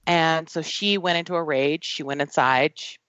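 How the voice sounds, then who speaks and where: A woman telling a personal story in an earnest, halting way, with frequent fillers. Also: deep voice, fairly bright tone, clear, resonant tone, dry recording, lo-fi sound. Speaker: guest. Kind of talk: personal storytelling in a podcast conversation.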